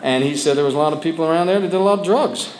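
Man giving halting testimony in an echoey room. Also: a little high, background noise. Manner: candid, halting storytelling with many restarts. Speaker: member sharing his story at a support group. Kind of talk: personal testimony. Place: meeting room with a group of men. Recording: echoey room with faint ambience.

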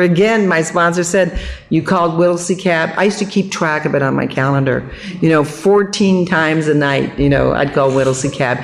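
An older woman sharing her recovery testimony at a support meeting, telling her story in an animated, humorous way and acting out the people she quotes. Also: lowish voice, creaky.

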